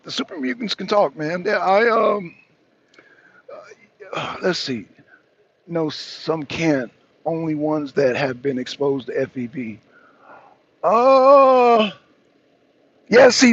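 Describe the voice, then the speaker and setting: Trucker caller, high raspy voice, rambling and profane, muffled lo-fi line. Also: male voice, fairly bright tone. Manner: profane, rambling, self-interrupting. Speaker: truck driver calling in to a talk show. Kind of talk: casual chat.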